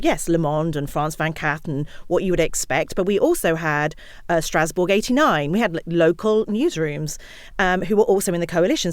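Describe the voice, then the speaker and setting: A woman, a misinformation researcher, talking as a podcast guest, lively and often acting out other people's words. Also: fairly low pitch, no echo, studio quality. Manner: animated, acts out quotes of others. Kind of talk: podcast conversation.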